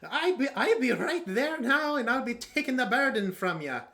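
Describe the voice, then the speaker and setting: A man voicing a brawny, self-sacrificing male warrior in a tabletop game, with a booming, drawn-out, folksy drawl. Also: very animated, sharp tone, heavily acted. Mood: reassuring.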